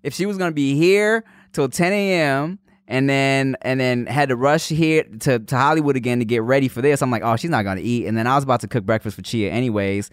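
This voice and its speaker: A man co-hosting a podcast, telling stories in casual chat, slangy and animated, acting out his own reactions. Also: mid-range voice, fairly quick, clear, resonant tone, no room sound, studio quality. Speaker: podcast co-host.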